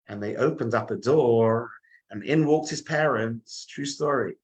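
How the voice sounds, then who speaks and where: A man, a rabbi, telling a story in a dramatic, animated way, acting out the scenes. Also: medium pitch, normal speed, low-quality recording. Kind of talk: storytelling sermon.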